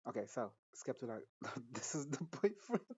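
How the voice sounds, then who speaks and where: A man's voice: medium pitch, sing-song, normal speed, slightly rough, highs cut off. Chatty, profane man gossiping over a show. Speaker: show reviewer. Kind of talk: casual recap and reaction commentary.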